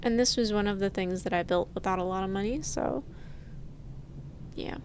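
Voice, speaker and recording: A woman's voice: mid-range voice, normal speed, background noise. A young woman casually narrating a tour of her game build, chatty and self-deprecating, laughing often and sounding a little sleepy. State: sleepy, yawning. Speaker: gaming channel host. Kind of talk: casual game walkthrough voice-over.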